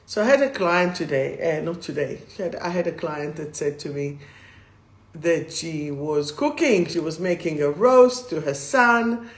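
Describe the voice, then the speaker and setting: A woman's voice: low-pitched, lively intonation, a little slow. A woman hosting a live stream as a spiritual coach, talking casually and rambling, greeting viewers by name as she goes. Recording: roomy echo.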